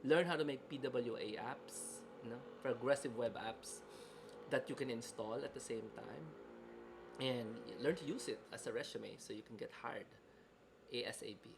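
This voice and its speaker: A man's voice: medium pitch, moderate pace, gravelly, noisy background. A man with a Filipino accent hosting casual promotional talk about an online course, chatty and emphatic. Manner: chatty, emphatic, code-switching.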